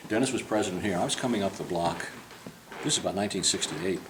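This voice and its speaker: A man's voice: low-pitched, quick pace, noisy background. An older man, a portrait painter, telling a long, humorous and digressive anecdote to a group while giving a tour. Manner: humorous, digressive, acts out quoted voices. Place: club interior, in a room with a group.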